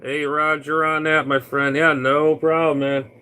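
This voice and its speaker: A man's voice: on the high side, level tone, unhurried, sharp tone, clear, resonant tone, poor audio. A man, a CB radio operator from Florida, chatting casually on air in a folksy, rambling way with lots of fillers.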